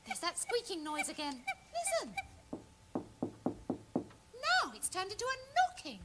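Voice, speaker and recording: Fussy girly panda puppet, very high, swooping voice, noisy background. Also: wildly swooping pitch, unhurried, full character voice. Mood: chatty. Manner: chatty and fussy. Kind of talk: children's TV puppet comedy.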